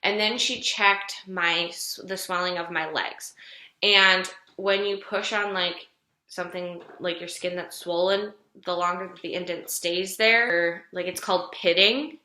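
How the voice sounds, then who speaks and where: A woman's voice: on the low side, steady tone, measured pace, pushed and bright. A young woman late in pregnancy, telling her story in a chatty vlog with lots of "like" fillers. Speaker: vlogger. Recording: echoey room.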